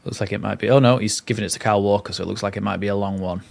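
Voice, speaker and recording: Low-voiced man calling a match. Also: steady tone, racing, vocal fry. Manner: chatty play-by-play mixed with rambling asides. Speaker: fan channel host. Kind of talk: live watchalong commentary.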